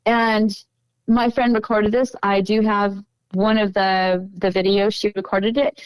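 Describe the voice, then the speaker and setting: Female interview guest, earnest and emotional storyteller, clear voice, dry close sound. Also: mid-range voice, level tone, measured pace, no echo, poor audio. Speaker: podcast guest.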